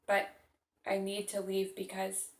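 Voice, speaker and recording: A woman reading the lines of a troubled young man on the run, in her own soft, earnest voice. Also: medium pitch, completely flat delivery, measured pace, gravelly, reverberant. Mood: pleading.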